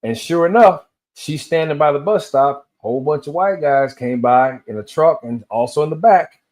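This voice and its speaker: A man's voice: fairly high pitch, moderate pace, a little mellow. A man in his fifties from Tennessee, rambling through a solo rant and telling loose stories that drift between tangents. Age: 50s. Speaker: vlogger.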